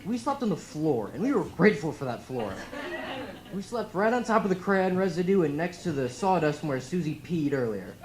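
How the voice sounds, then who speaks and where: A teenage boy tells deadpan stand-up stories on a club stage through a handheld mic. His pitch moves in a lively way. The recording is noisy. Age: teens. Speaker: stand-up comedian. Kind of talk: stand-up comedy set.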